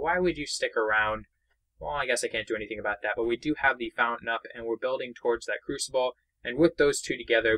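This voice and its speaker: A young man from Boston giving excitable, chatty commentary while playing a mobile game. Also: mid-range voice, low-quality recording. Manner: excitable, chatty, narrates own moves. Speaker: gaming YouTuber. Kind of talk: let's play commentary.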